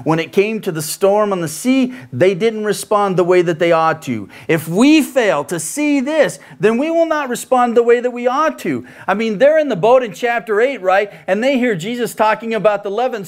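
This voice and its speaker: A male pastor preaching a sermon with an animated, rhetorical delivery. His voice sits on the higher side for a man, and he keeps checking in with quick "right?" asides.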